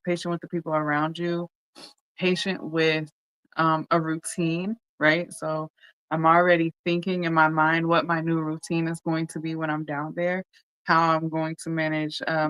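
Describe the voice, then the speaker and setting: A podcast host speaking candidly in a casual monologue, talking straight to listeners, pausing on "um" and often checking in with "right?". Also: mid-range voice, fairly bright tone, clean tone, no echo, poor audio. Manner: pauses with frequent ums.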